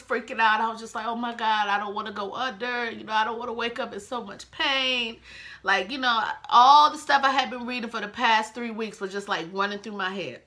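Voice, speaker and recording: A woman's voice: mid-range voice, sharp tone. A woman in her twenties telling an emotional personal story to her viewers in a chatty, casual vlog. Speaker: vlogger.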